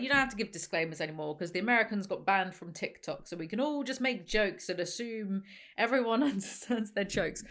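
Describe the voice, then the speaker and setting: A woman's voice: medium pitch, fairly bright tone. A woman, chatting sarcastically to camera as host of a reaction video. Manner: sarcastic, ranting, quick asides. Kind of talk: casual chat to camera.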